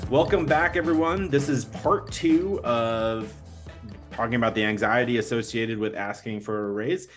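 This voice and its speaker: A man's voice: medium pitch, normal speed, faint music behind. A man hosting a podcast, chatting casually and reading ads in a rambling, self-correcting way. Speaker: podcast host. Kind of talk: casual podcast chat and ad read.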